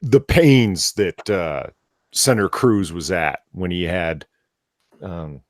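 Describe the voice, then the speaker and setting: A man with a very deep voice speaks on a casual talk show. The sound is dry and close, and he explains his point earnestly and step by step. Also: expressive, slow, no room sound. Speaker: podcast co-host. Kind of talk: casual opinion chat.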